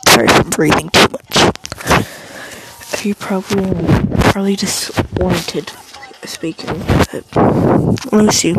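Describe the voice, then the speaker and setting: A woman's voice: medium pitch, slow pace, long pauses, heavy background noise. A teenage girl telling a rambling, casual story, full of fillers and swearing.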